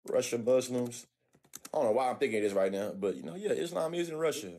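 A man's voice: mid-range voice, lively intonation, fast, dark tone, slight background noise. An American man streaming a casual video chat, talking in loose slang with lots of stammered restarts, heard over a video call. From United States. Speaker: streamer chatting with strangers online.

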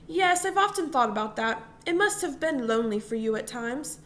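Lady reading a sad serious dad in a storybook, slow and careful. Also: high voice, animated, a bit bright. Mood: grave. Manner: measured, grave, slightly sad. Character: stern yet weary father, a commandant.

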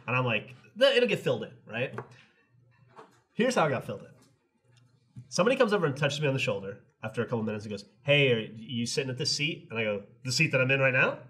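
A middle-aged man with a slightly husky voice tells a rambling story on a podcast. His pitch swings widely as he acts out the other people, laughing now and then. The talk is loose and casual. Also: fast. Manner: animated, laughs while telling, acts out both sides. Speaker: podcast co-host.

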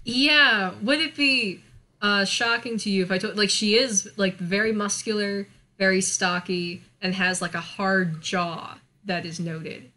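A woman's voice: mid-range voice, steady tone, measured pace, pushed and bright. An American woman co-hosting a podcast, talking in a chatty way, with many fillers, and laughing often. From United States. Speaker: podcast co-host. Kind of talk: casual chat.

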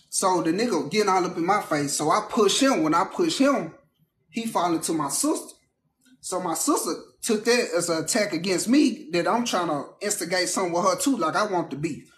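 A man casually telling a true story, animated and profane, acting out the people in it. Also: high-pitched, moderate pace, echoey room, slight background noise.

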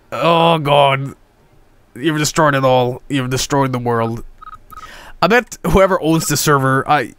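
A man streaming a video game with casual commentary, profane and excitable, often cracking up laughing. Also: mid-range voice, slow.

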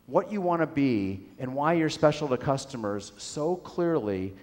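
A man's voice: mid-range voice, big pitch swings, a little slow, a little mellow. A man giving a business keynote speech to a live audience, telling a story and asking the room questions. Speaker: keynote speaker. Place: lecture hall with audience. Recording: reverberant hall.

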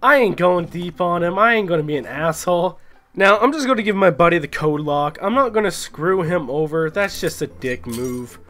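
Excitable high-voiced young male gamer. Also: normal speed. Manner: excitable, swearing, shouts at other players. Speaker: gaming YouTuber. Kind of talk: casual gameplay commentary.

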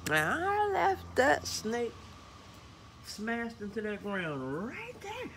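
A man from Georgia, telling a lively story outdoors about his lawn care work, often stumbling over repeated words. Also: extremely high pitch, takes it slowly, noisy background. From Atlanta, Georgia. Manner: animated, stumbling repeats, acts out bits. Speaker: lawn care worker filming a vlog. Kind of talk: casual storytelling. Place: outdoors by a carport.

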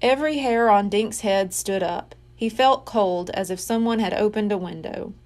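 A woman reading a children's mystery book aloud, slowly and expressively. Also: mid-range voice, a little mellow. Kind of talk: read-aloud storybook narration.

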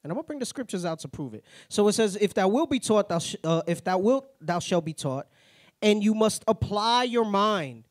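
A man teaching a Bible class in a plain-spoken, conversational way, tagging his points with a quick "right?". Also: high voice, animated, no room sound, studio quality. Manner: tags nearly every point with "right?"; plain-spoken, slangy asides.

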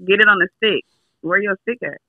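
A man's voice: high voice, a little fast, no room sound, narrow, tinny audio. A man co-hosting a casual podcast, reading listener letters aloud and teasing the host.

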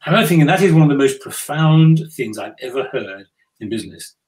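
A man's voice: on the high side, lively intonation, a little fast, darkish tone, poor audio. Older man telling a business anecdote. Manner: anecdotal, dry self-deprecating humor, frequent restarts. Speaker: business leader guest. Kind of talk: conversational interview storytelling.

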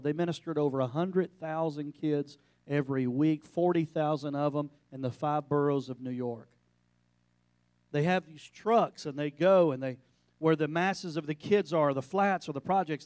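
A male pastor preaching a sermon, telling a story with emphatic bursts and quiet, hushed passages. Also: fairly high pitch, clean tone, dry recording. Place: church sanctuary.

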